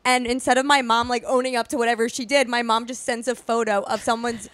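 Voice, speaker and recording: A woman's voice: a little high, little pitch movement, quick pace, fairly bright tone, no echo. A young woman hosting a casual podcast, chatty and telling stories with quoted asides. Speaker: podcast host. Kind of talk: casual chat.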